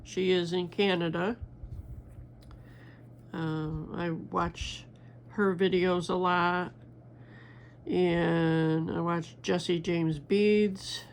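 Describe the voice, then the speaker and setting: Older woman, gravelly voice, slow rambling craft chat, faint room hum. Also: on the low side, fairly even intonation. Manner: rambling, halting, many fillers and restarts. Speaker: crafting vlogger. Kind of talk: casual chat while beading.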